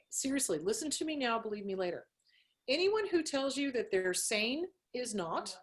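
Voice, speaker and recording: A middle-aged woman therapist, a guest on a podcast, talking frankly and animatedly, swearing freely and laughing often. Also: on the high side. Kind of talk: candid interview chat.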